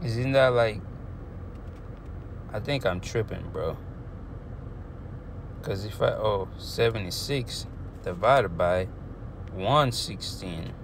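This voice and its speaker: A young man casually vlogging about his sports bets, slangy and animated, sometimes trailing off into quiet muttering and working through numbers haltingly. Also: on the low side, creaky, noisy background. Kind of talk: casual talk to camera.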